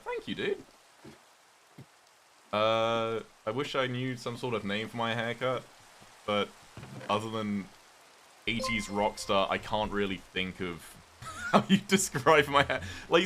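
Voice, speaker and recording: A man's voice: lowish voice, sharp tone, a little hiss or hum. A young British man streaming a game, rambling casually and chatting with viewers as he plays. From Britain. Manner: rambling, chatty, reads and thanks chat. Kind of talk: casual livestream chat while gaming.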